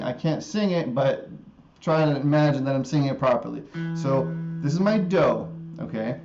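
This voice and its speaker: A man teaching guitar music theory in a live stream, slowly repeating a scale formula and often checking in with an "okay?". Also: fairly high pitch, lo-fi sound. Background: guitar playing.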